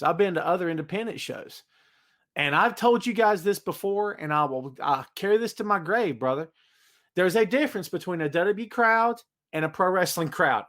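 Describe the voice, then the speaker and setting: This podcast host has a high voice and rants animatedly about wrestling during a solo live stream. He hypes up his predictions and reads comments from the chat.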